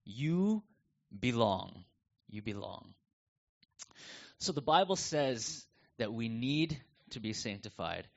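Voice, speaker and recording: A man's voice: medium pitch, big pitch swings, slow pace. A middle-aged man with a North American accent, preaching a conversational sermon and telling stories with animation. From United States. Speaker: pastor. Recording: dull lo-fi sound.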